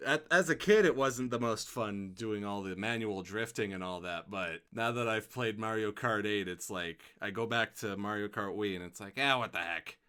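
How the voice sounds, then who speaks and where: A young man co-hosting a casual gaming chat, reacting enthusiastically with drawn-out exclamations. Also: fairly low pitch, pushed and bright, clean tone. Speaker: podcast co-host.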